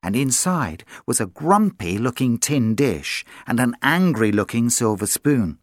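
A storyteller reading a children's story aloud in an animated, sing-song way. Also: mid-range voice, a little slow, no room sound, studio quality.

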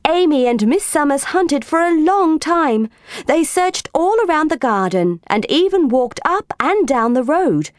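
High-voiced woman, slow gentle children's storybook reader. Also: big pitch swings, dry recording, clean studio sound. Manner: gentle and unhurried. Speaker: audiobook reader.

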